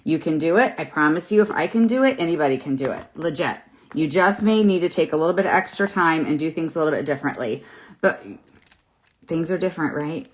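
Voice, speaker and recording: A woman in her fifties with a low voice talks through her makeup live on camera. She is chatty and encouraging and rambles with fillers. She speaks into a phone or webcam from her home. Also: expressive, fairly quick. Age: 50s. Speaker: makeup seller and host. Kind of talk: live makeup tutorial, casual chat. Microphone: phone or webcam in front of her.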